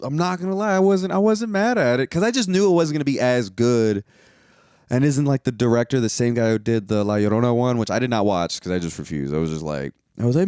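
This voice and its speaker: A man's voice: mid-range voice, lively intonation, quick pace, a little mellow, dry recording, studio quality. A young man giving a casual, profane movie review, rambling with lots of fillers and mocking scenes in put-on voices.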